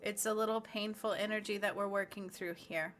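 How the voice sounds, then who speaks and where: A woman guides a spiritual healing session in a bright, clear voice that rides over faint music. She talks slowly and earnestly and voices affirmations aloud as if she feels them herself. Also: medium pitch, steady tone. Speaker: spiritual healer.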